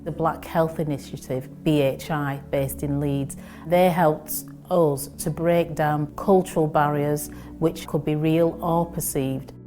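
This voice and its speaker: A health service manager speaks in a measured, earnest way about staff and patients. Her voice sits very low, and clear music plays behind her. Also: fairly even intonation, mellow. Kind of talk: interview statement.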